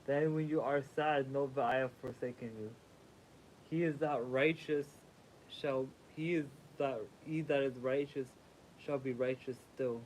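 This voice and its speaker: A man's voice: medium pitch, steady tone, unhurried, darkish tone, slight background noise, poor audio. A sleepy man reading a sacred text aloud as a livestream host, stumbling over words, rereading them and making casual asides.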